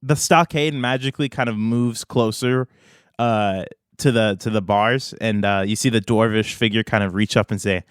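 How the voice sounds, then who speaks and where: A man running a tabletop game as game master, narrating in a relaxed way with many pauses and fillers. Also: lowish voice, smooth, dry recording, studio quality.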